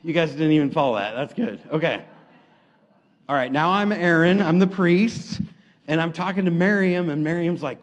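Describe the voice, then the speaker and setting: A man preaching a sermon, retelling stories in a lively, casual way and acting out the quotes. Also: a little high, moderate pace.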